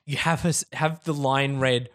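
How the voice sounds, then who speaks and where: A man, a filmmaker chatting casually with friends and telling animated stories about making films. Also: mid-range voice. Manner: fast, animated storytelling with frequent laughs and swearing. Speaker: filmmaker and director. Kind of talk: casual chat among friends.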